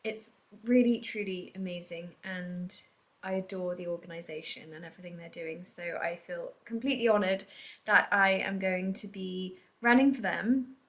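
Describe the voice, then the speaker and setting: A woman vlogging in a casual, chatty way, full of "like" and "um", her voice softening and trailing off at the ends of phrases. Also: lowish voice, moderate pace. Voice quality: soft-spoken, trails off quietly at phrase ends. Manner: chatty, filler-heavy with frequent "like" and "um". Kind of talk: casual vlog chat to camera. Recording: echoey room.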